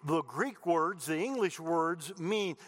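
A man's voice: on the high side, lively intonation, takes it slowly, a bit bright. A man preaching a sermon as pastor, folksy and chatty, mixing jokes and asides into Bible teaching. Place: church sanctuary. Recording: long reverb of a church hall.

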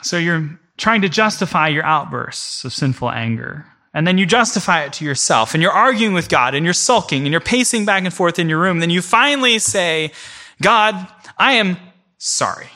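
Male preacher with a slightly high, forceful voice, storytelling casually to a congregation. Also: animated, fairly quick, hardly any pauses. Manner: vivid storytelling in the second person, addressing the room directly. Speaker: preacher teaching a church class. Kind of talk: conversational teaching before a congregation.

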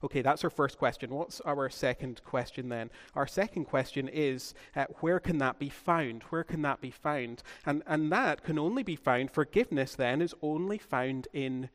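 A man's voice: mid-range voice, normal speed, hardly any pauses, big-room sound. A man preaching a sermon as pastor, repeating key phrases for emphasis.

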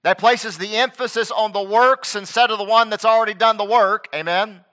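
A man preaching a sermon in a high, ringing voice. He reads scripture aloud, then swings from loud emphatic stresses to hushed asides. His tone stays bright and forward throughout. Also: steady tone, moderate pace. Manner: reads scripture aloud in King James wording.

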